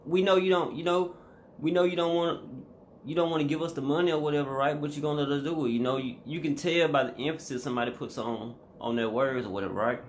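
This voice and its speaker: A man's voice: fairly high pitch, fast, slight background noise. A man vlogging a casual reaction commentary, emphatic and slangy, talking straight to his viewers.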